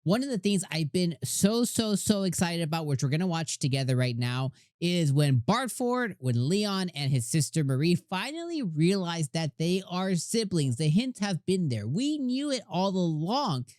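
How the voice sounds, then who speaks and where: Excitable man gushing over anime. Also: sits high, moderate pace, few pauses, no echo, studio quality. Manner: excitable, gushing fan talk with rambling restarts. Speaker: anime reviewer and channel host. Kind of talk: casual anime reaction commentary.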